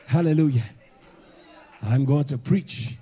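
A man preaching a fiery sermon to a congregation, hollering and emphatic, with bursts of shouting. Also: on the high side, takes it slowly, breathy edge, a faint crowd.

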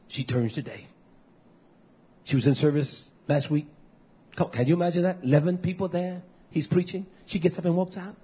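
High husky preacher guy, fiery sermon, shouts then mutters, dull recording. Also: fairly quick.

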